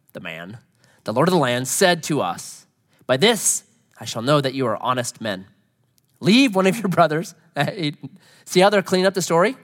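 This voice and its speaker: A man preaching a sermon, retelling scripture in a conversational way and voicing the characters, laughing at his own jokes. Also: fairly high pitch. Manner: animated, acts out quoted lines, laughs at own jokes. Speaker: pastor.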